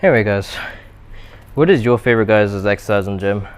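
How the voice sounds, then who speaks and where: A man's voice: fairly low pitch, brisk, smooth. Rambling young British man at the gym. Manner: rambling, chatty, self-deprecating asides. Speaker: fitness vlogger. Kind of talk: casual chat between gym sets. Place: indoor gym.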